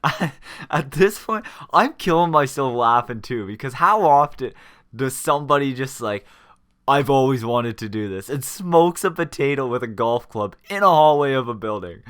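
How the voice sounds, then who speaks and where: A young man tells a story in a loose, animated way. He swears freely and laughs his way through it. His voice sits in the middle range for a man. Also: medium pitch, normal speed. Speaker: gaming channel host. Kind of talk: casual storytelling vlog.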